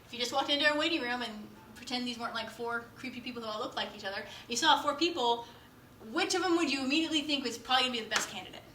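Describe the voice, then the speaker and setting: A woman instructor lectures at a rapid clip, bright and energetic, tagging her points with "right?". She is recorded in an echoey classroom with a faint hum of noise behind her. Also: a little high. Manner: fast-talking, animated, keeps asking "right?".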